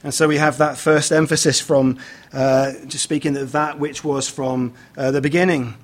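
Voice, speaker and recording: A man preaching a sermon, speaking in a measured way with many "uh" fillers and restarts as he reads scripture aloud and explains it. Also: a little high, fairly even intonation.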